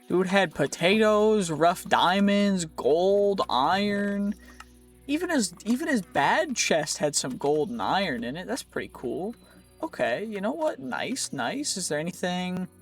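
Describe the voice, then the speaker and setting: A man's voice: sits high, gravelly. A man giving chatty, rambling commentary while playing a video game, joking around and restarting his sentences often. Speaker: gaming video creator. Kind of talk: casual gameplay commentary.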